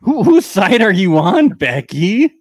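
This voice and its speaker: A man's voice: sits high, very animated, measured pace, dry recording, clean studio sound. A man co-hosting a casual podcast, recapping a reality show with jokes and put-on drawled quotes. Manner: jokey, puts on mock Texas drawl when quoting. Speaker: podcast co-host.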